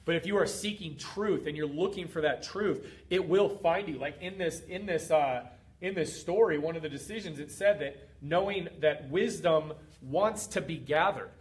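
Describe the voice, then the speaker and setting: A man's voice: a little high, moderate pace. Emphatic man giving a motivational pep talk. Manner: emphatic, repetitive, preachy. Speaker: fitness coach and group host.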